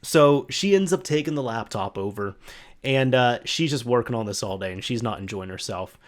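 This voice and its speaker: A man's voice: mid-range voice, lively intonation, moderate pace. A man hosting a solo podcast, telling a casual story full of "like" and restarts. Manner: chatty, full of "like" and restarts, acts out quoted voices. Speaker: podcast host.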